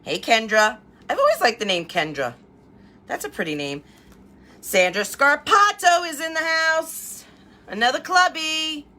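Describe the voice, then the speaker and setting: Woman, craft livestream host, upbeat bright voice pitched a bit high, chatty with viewers, at home. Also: sing-song, measured pace. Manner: chatty, greets viewers by name. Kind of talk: live-stream chat while crafting.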